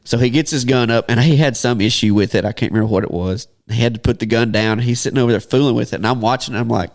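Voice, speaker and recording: A man's voice: medium pitch, racing, hardly any pauses. A man hosting a podcast, telling a casual story and laughing often as he talks. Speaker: podcast host.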